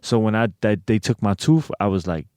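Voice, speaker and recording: A man's voice: fairly low pitch, lively intonation, brisk, a little mellow, smooth, dry recording. A man telling a personal story in a casual interview, swearing a lot and leaning on filler phrases. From United States. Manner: profane, streetwise, lots of filler phrases. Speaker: interview guest.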